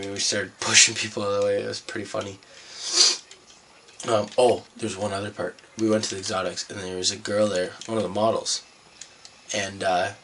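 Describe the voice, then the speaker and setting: A man's voice: on the low side, gravelly, a bit bright, a little hiss or hum. A young man from Canada vlogging, telling a rambling, profane story in a laid-back way. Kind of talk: casual storytelling vlog.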